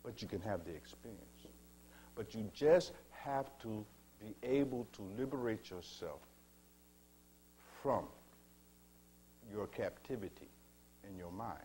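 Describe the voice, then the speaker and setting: A man giving a spiritual teaching talk, slow and measured, asking his listeners rhetorical questions and calling them beloved. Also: on the low side, expressive, mellow, slight background noise.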